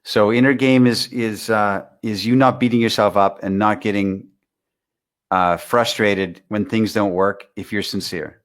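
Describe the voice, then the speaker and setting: Rambling man telling stories. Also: lowish voice. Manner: rambling, repeats words, tells anecdotes. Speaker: interview guest, dating author. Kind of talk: casual interview talk.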